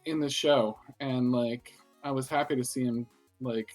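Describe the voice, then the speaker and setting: A man's voice: medium pitch, steady tone, unhurried, a little mellow, soft background music. Skeptical, teasing male co-host. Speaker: podcast co-host. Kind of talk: casual anime discussion.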